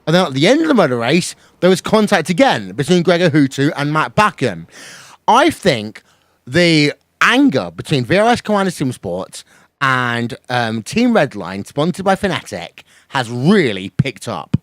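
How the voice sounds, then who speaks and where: A man giving fast, excitable play-by-play commentary on a sim race, building to shouts at the finish. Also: fairly high pitch, dry recording.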